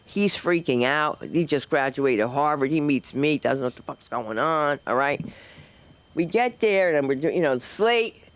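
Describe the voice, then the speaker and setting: A woman's voice: sits low, lively intonation, measured pace, slight background noise. A middle-aged woman hosts a comedy open mic, wandering from one story to the next in a loose stand-up set. She acts out the people in her anecdotes as she goes. Her voice comes through a handheld mic on a club stage. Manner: loose, digressive storytelling, acting out quoted people. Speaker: stand-up comic and host.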